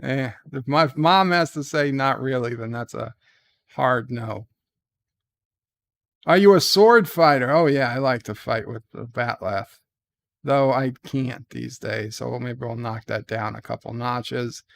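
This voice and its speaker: A man hosting his show in casual chat, reading quiz questions aloud and answering with dry, deadpan humor. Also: a little slow, vocal fry, no echo. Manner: reads questions brightly, answers low and mumbled. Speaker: show host. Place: at home.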